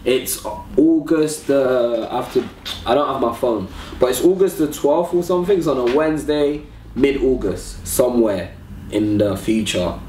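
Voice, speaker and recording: A man's voice: medium pitch, expressive, a little slow, mellow, a little hiss or hum. A man co-hosting a casual chat show, joking and rambling and laughing often. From Nigeria. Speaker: co-host. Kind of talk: casual banter. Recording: echoey room, mic from far off.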